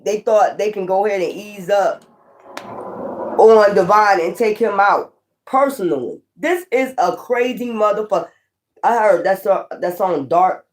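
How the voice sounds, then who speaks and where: A woman giving a casual tarot reading, swearing often, laughing and talking straight to her viewers. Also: medium pitch. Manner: profane, laughing, animated asides to viewers. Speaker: tarot reader.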